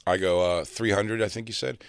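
A man from South Jersey telling a long, animated comedy anecdote and acting out other people's lines. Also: on the low side, a little fast, gravelly, no echo, clean studio sound. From South Jersey, near Philadelphia. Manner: animated anecdote teller, acts out quotes. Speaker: comedian guest. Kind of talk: casual storytelling chat.

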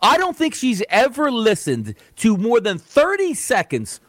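A man's voice: very high voice, huge pitch swings, measured pace, a bit bright, dry recording, studio quality. A man co-hosting a sports betting radio show, talking in a rambling, casual way full of "like" and restarts. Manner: rambling, filler-heavy, lots of "like".

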